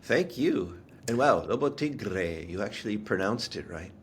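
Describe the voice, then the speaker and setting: A man's voice: fairly low pitch, animated, a little slow, slight background noise. A man answering interview questions as a market analyst, candid and emphatic, thinking aloud in long explanatory runs. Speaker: commodities analyst guest.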